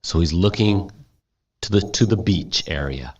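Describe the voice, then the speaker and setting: A man's voice: low-pitched, a little slow. A male English teacher reading a story aloud, stopping to repeat and explain words, with frequent light laughs. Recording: dull lo-fi audio, distant mic.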